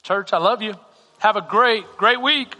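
A man's voice: high-pitched, a little slow, pushed and bright. A male pastor preaching a sermon with a passionate, repetitive cadence in a church hall. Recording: reverberant hall with music.

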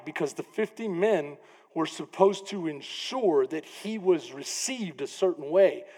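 A man preaching a sermon as pastor, animated, often acting out the people in his story. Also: sits high. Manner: animated preaching, acts out quoted voices. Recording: long reverb of a church hall.

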